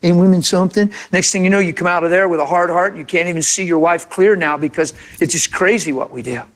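A man's voice: on the high side, fast, a bit bright. Impassioned man preaching a sermon. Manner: impassioned, conversational, acts out imagined quotes.

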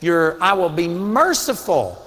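A man preaching a sermon in an earnest, emphatic way, moving between quiet storytelling and raised exhortation. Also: high voice, sing-song, a little slow, long reverb tail.

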